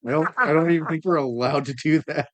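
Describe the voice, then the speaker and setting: A man's voice: on the high side, fast talker, fairly bright tone. A man co-hosting a casual podcast. He banters with his co-host and repeats his words when he cuts in. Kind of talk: casual chat.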